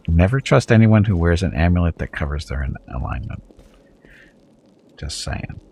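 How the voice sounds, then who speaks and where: A man's voice: sits low, lively intonation, a little slow, long pauses, darkish tone, slight background noise. A man streaming a video game, chatting casually with viewers and making wry, chuckling asides. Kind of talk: casual let's-play commentary.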